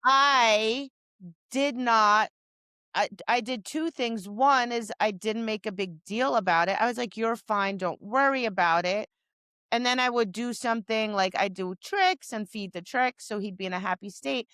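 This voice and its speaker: A woman's voice: fairly high pitch, normal speed, pushed and bright, clean tone, no room sound. A woman dog trainer co-hosting a podcast, talking casually and animatedly, acting out her dog's replies and scolding owners with exasperation. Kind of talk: casual chat.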